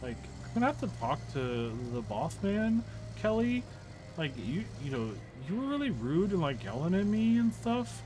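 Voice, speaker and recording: A man's voice: very high voice, moderate pace, hardly any pauses, voice pushed up, poor audio. A man voicing a whiny, aggrieved young male truck worker who complains in a sulky, filler-heavy way.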